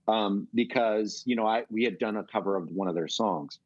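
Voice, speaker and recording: A middle-aged man from California, telling a long, animated story as a guest in a casual interview. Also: fairly low pitch, normal speed, slightly rough, no room sound, dull audio. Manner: rambling, animated storytelling with swearing. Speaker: guest musician.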